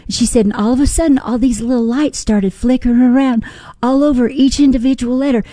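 An older woman, a singer-songwriter, telling lively personal stories in an interview, acting out what others said. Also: on the high side, brisk, no echo. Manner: animated, folksy storyteller acting out quotes. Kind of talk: storytelling interview.

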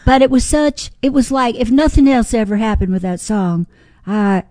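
An older woman, a singer-songwriter, telling lively personal stories in an interview, acting out what others said. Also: on the high side, moderate pace, no echo. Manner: animated, folksy storyteller acting out quotes. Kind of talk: storytelling interview.

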